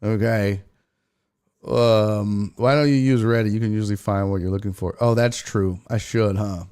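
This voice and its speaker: A man's voice: on the low side, normal speed, clean tone. A man hosting a casual sports talk stream, swearing freely and reading viewer chat aloud. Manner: profane, animated, reads chat aloud. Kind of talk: casual livestream commentary.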